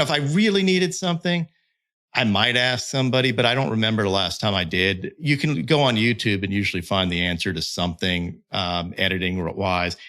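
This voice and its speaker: A man's voice: mid-range voice, pushed and bright. A middle-aged man talking candidly and emphatically as a podcast guest, with fillers and restarts. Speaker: guest, content creator and pitching analyst. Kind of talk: casual podcast conversation.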